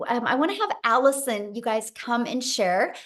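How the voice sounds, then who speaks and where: A woman's voice: on the high side, very animated, moderate pace, fairly bright tone. A woman hosting a live webinar over a video call, upbeat and encouraging as she brings on a guest. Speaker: webinar host.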